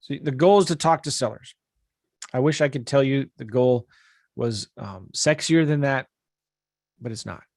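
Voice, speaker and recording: A man coaching on a live webinar, casual and upbeat as he walks viewers through his screen. His voice sits in an ordinary middle pitch. The sound is dry and close, with no room echo. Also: moderate pace, pauses often. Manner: casual, energetic, talks straight to viewers. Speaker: real estate investing coach.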